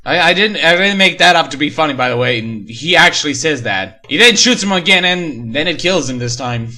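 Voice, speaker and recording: Bright-voiced sarcastic male reader. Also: fairly high pitch, lively intonation, a little fast. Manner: sarcastic, mocking asides. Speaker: story reader and reviewer. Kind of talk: comedic creepypasta reading.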